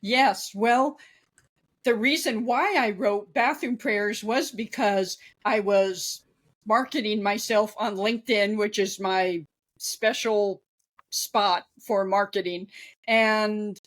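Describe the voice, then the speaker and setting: A woman's voice: medium pitch, takes it slowly. A woman in her fifties, a guest author, talking candidly in an interview with easy laughter. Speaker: guest, author and former ghostwriter. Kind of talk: conversational interview.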